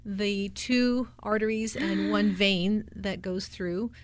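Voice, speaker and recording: A woman in her forties, a doula, calmly explaining her work as a podcast guest. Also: medium pitch, slow, no room sound. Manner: calm, explanatory. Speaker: guest, doula and placenta encapsulator. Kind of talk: podcast interview.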